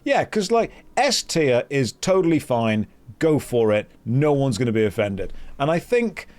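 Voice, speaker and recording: A man's voice: medium pitch, sing-song, a little slow, darkish tone. A British man chatting casually and joking while streaming a game. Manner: joking, rambling. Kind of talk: casual gameplay chat.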